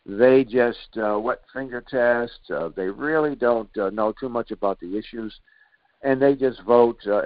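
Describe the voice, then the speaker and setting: A man's voice: lowish voice, no echo, dull audio. A male radio host giving an indignant political monologue, rambling with many fillers and restarts.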